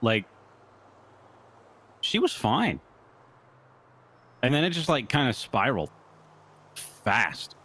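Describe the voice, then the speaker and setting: A man's voice: medium pitch, sing-song, takes it slowly, pauses often, bright, forceful tone, slightly rough. A man in a roleplay game, recounting events in a rambling way full of fillers. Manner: rambling, lots of likes and uhs. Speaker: roleplay player.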